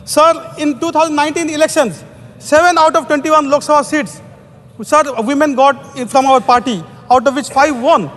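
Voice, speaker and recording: Formal man with Indian accent, high-pitched. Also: steady tone, normal speed, a bit bright. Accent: Indian English. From Odisha, India. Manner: formal, peppers every phrase with "sir". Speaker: member of parliament. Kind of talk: parliamentary speech. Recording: long reverb of a large chamber.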